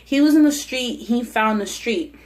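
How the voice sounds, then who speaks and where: A woman's voice: on the high side, expressive, moderate pace. A young woman vlogger telling a heated, profanity-laced personal story with lots of restarts while she eats on camera. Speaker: mukbang vlogger. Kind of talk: casual storytelling while eating.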